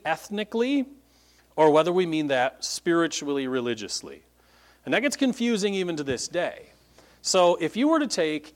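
A pastor giving a conversational Bible-teaching sermon to a congregation, explaining points and checking in with listeners by asking "right?" and "okay?". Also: male voice, high-pitched. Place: church meeting room with a congregation.

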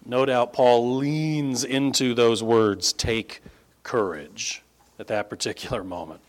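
Male pastor, sermon, emphatic, leaps high on key words then sinks quiet. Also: steady tone, a little slow. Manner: emphatic, rising to sudden high stresses then dropping low. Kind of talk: closes in prayer.

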